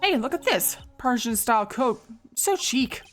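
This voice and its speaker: A bubbly teenage girl sidekick chirps with excitement, voiced by a woman. Her tone is light and eager, with faint music behind the game read-along. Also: fairly high pitch, unhurried, pitched above the performer's own voice. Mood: excited.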